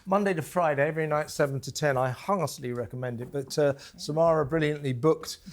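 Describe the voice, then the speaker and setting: A man hosting a talk show, telling stories in a casual studio chat, halting with fillers and restarts. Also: on the high side.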